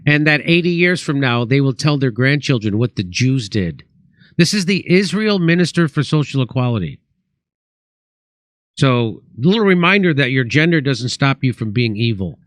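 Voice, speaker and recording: A man's voice: mid-range voice, sing-song, moderate pace, dry recording. A man hosting a comedic talk show, telling stories and acting out both sides of a conversation. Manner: storytelling with acted-out quotes. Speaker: host.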